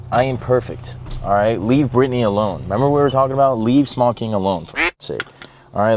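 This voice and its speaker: A man's voice: lowish voice, slight background noise. A young man vlogging in casual, rambling talk, joking around and swearing a lot as he drives and shops. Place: in a car, then in a shop and at home.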